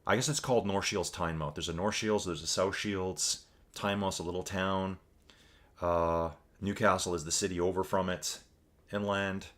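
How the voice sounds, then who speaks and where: A man's voice: sits low, fairly even intonation, normal speed, a bit bright. Rambling Canadian man calling a race. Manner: rambling, chatty, reads viewer chat aloud. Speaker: virtual race commentator and streamer. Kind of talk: casual live-stream race commentary.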